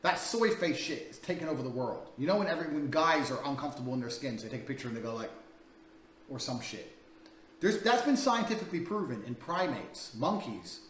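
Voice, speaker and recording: A man's voice: mid-range voice, lively intonation, brisk, a bit bright, slight background noise. A man coaching in a crude, blunt, profane way, talking through a paid dating course. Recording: echoey room, distant mic, faint ambience.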